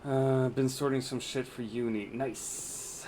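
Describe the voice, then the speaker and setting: Man, gaming streamer, teasing and crude, mid pitch, audible background noise. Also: steady tone, takes it slowly, a little mellow, rough recording. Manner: crude, teasing, laughs often. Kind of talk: casual chat while gaming.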